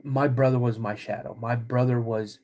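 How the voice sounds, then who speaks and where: A man hosting a podcast, vividly retelling a personal story in a halting way, with many restarts. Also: mid-range voice, fairly even intonation, darkish tone. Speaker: podcast host.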